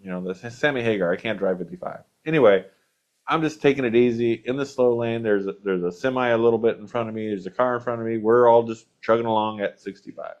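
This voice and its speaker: A man's voice: mid-range voice, fast talker, a little mellow. A man hosting a podcast, casually rambling through anecdotes with a chuckle here and there. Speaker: podcast host. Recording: dull lo-fi podcast audio.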